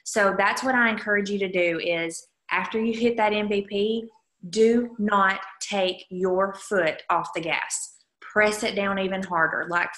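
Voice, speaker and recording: A woman with a mid-range, fairly bright voice leads her sales team on a video call, sounding chatty and upbeat as she keeps tossing asides to her listeners. It's casual coaching talk picked up by a video call microphone in a reverberant space.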